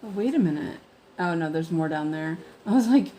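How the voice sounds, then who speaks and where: A woman's voice: low-pitched, animated, normal speed, mellow, slight background noise. A woman hosting a cross-stitch livestream, chatting casually and rambling with many fillers and restarts. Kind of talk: casual chat while stitching.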